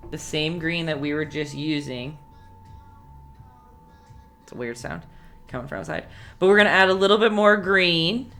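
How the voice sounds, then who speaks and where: A woman's voice: sits low, normal speed, long pauses, fairly bright tone, faint music behind. A woman leading a live-streamed painting lesson, chatty and encouraging, humming to herself as she works. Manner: chatty and encouraging, hums while working. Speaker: painting instructor.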